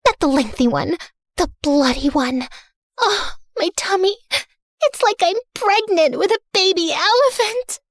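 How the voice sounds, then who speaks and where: A woman's voice: high voice, sing-song, a little slow, a bit bright, dry recording, clean studio sound, full character voice. A woman voicing a dramatic spoiled heiress. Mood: sassy. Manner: theatrical, sarcastic, self-centered. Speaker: first-person narrator. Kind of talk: animated story narration in character.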